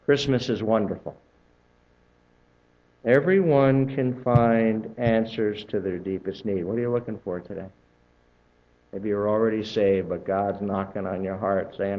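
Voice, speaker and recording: A male pastor preaching a sermon in a church, conversational and animated, acting out other people's excited voices. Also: lowish voice, normal speed, lo-fi sound. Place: church sanctuary.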